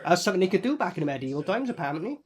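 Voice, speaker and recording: A man giving a casual reaction commentary on a film, excitable and profane, rambling with lots of fillers. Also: high voice, very fast. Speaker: movie reviewer.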